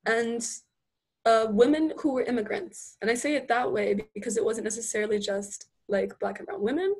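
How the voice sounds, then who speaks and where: A woman in casual conversation, telling animated stories and acting out what people said, with lots of "like" in her speech. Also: a little high, moderate pace, husky. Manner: animated storytelling, many "like"s, acts out quotes. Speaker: guest. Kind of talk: casual chat.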